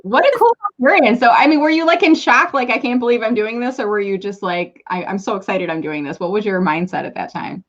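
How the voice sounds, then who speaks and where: A woman from Michigan hosts a casual live online chat. Her voice sits at a middle pitch, and the audio is slightly dull and lo-fi. She talks in a chatty, encouraging way and often restarts mid-thought. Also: a little fast, few pauses. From Michigan, United States. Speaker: host. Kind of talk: casual live video interview.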